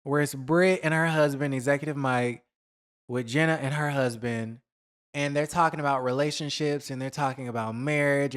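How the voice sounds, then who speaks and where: A man hosting a celebrity gossip vlog, talking in a chatty, animated way, throwing shade and mimicking people he talks about. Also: mid-range voice. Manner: says y'all, drawn-out emphasis. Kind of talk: casual gossip commentary.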